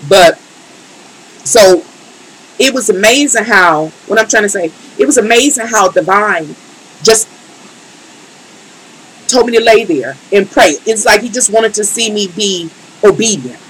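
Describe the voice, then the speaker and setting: A woman's voice: medium pitch, expressive, a little slow, pauses often, slightly rough, rough recording. A woman tarot reader in a casual live stream, speaking emphatically and colloquially and talking straight to her chat.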